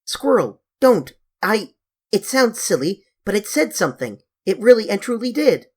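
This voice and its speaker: A reader doing a shrill, excited young girl. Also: normal speed, slightly rough. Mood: insistent. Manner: high, loud, urgent pleading.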